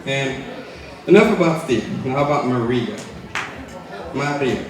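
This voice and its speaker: A man's voice: medium pitch, expressive, measured pace, a crowd in the background. A young man in his twenties giving a chatty, joking wedding toast for his twin brother, laughing between lines. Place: large hotel banquet hall. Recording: very echoey banquet hall, distant mic.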